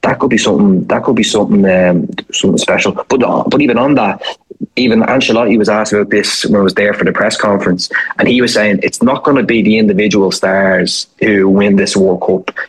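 A man's voice: on the low side, steady tone, brisk, breathy edge, poor audio. A man working as a football journalist, talking at length in a casual, rambling radio discussion. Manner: rambling, thoughtful, many restarts.

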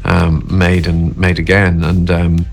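Guy in his 40s or so, deep low voice, stops and restarts a lot, chatting about his work. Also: monotone, slow pace, creaky, faint music behind. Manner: hesitant, restarts often, thoughtful. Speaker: actor, interview guest. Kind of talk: casual conversational interview.

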